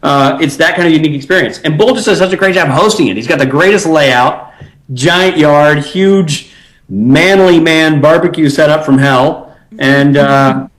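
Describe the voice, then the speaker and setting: A man's voice: a little high, moderate pace, a bit bright, rough recording. A man from Nashville, Tennessee, guest on an interview, talking in an easygoing, chatty way with many fillers. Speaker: actor guest. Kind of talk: casual interview.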